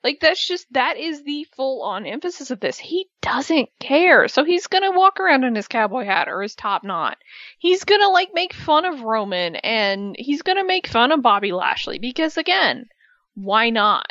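Lively woman chatting about wrestling. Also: sits high, normal speed, no echo, dull audio. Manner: animated, acts out quotes in voices. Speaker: podcast co-host. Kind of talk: casual wrestling chat.

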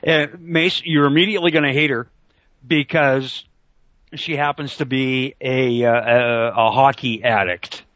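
A man's voice: medium pitch, steady tone, unhurried, a bit bright, no echo. A middle-aged man hosting an online talk radio show, rambling and joking crudely over a call mic. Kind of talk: casual talk radio banter. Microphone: computer call mic. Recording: dull lo-fi online call audio.

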